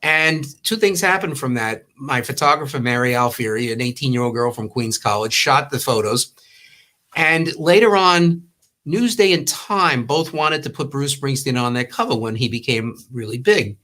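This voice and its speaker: A former magazine owner, now an older man, talks casually about the past in long anecdotes and acts out the quotes. He's from Long Island, New York, and speaks at medium pitch and a moderate pace, with a warm, rambling storytelling manner.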